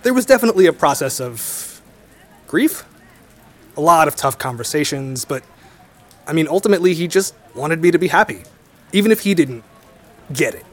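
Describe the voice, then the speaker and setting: A man's voice: fairly high pitch, expressive, normal speed, long pauses. A young man speaking in reflective conversation, thoughtful and a little hesitant. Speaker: storyteller guest.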